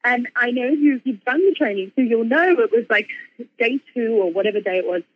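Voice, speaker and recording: A woman author and speaker telling a personal story in casual conversation, animated, with lots of fillers and laughs. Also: a little high, a little fast, muffled recording.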